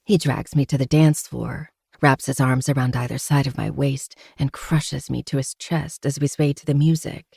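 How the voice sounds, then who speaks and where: A woman's voice: a bass voice, little pitch movement, moderate pace, gravelly, darkish tone, breathy edge, no echo, clean studio sound. A woman narrating a first-person novel with dramatic storytelling.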